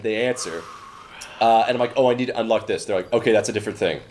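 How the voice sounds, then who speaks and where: A man's voice: fairly low pitch, fast, a little mellow, a little hiss or hum. A young man from Canada, co-hosting a podcast, telling a story in casual chat. He swears freely and acts out the voices of the people he quotes. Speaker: podcast co-host.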